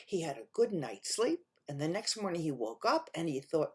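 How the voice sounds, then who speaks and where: A woman storyteller telling a folktale to children, animated and talking to them directly, swinging from loud to hushed. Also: low-pitched, normal speed, slightly rough.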